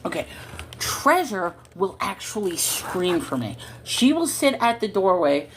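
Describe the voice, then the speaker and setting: A woman's voice: mid-range voice, very animated, measured pace, slight background noise. A woman hosting a casual livestream from home into her phone, rambling to viewers and chatting to her cat. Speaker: livestream host.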